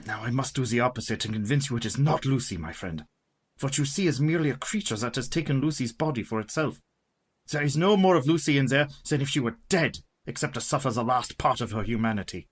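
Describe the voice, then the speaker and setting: Rich: A man plays a grave, formal professor who leads a band of vampire hunters in a radio play. His husky voice rises and falls with a lively pitch as he gives orders. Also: fast. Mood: commanding. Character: older male vampire-hunting professor, grave and commanding. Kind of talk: community radio play acting.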